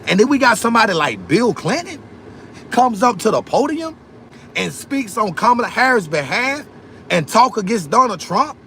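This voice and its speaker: A man's voice: high-pitched, sing-song, normal speed, pushed and bright, slight background noise. A man hosting a political livestream, talking in a fiery, preachy way, repeating phrases and calling out to viewers for likes and amens. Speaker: livestream host.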